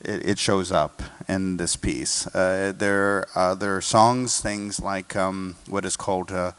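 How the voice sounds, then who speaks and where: An American man with a low, deep voice talks through a symphony as a guest conductor. He breaks into sung and hummed bits of melody to illustrate what listeners will hear. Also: steady tone, slow pace, a bit bright, clean tone. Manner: sings and hums melodies to illustrate points. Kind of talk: explaining music in an interview.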